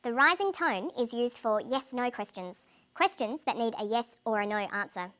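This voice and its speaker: A woman with a slightly high voice narrates a scripted English lesson. She explains each point clearly and plainly. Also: expressive, moderate pace, fairly bright tone. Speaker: English teacher.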